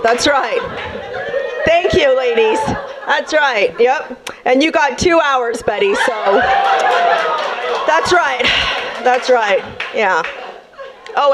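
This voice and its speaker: Brash high-voiced woman doing stand-up. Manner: brash, sassy, talks straight to the crowd. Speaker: stand-up comedian. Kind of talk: stand-up comedy set. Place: comedy club stage.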